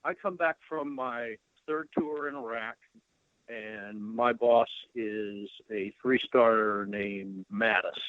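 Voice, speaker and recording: A man's voice: lowish voice, slow, no echo. A man in his sixties, a retired Marine colonel, telling folksy self-deprecating stories in a casual interview, often restarting his sentences. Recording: tinny phone-line audio.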